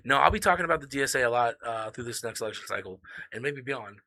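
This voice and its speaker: Fast-talking bright-voiced man on a podcast. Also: mid-range voice, animated, no echo. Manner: rambling, profane, laughs often. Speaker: podcast co-host. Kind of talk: casual podcast chat.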